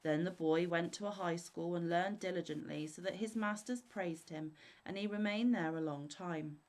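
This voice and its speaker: A woman reading fairy tales aloud in a steady, measured way. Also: fairly low pitch, low-quality recording. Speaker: storyteller.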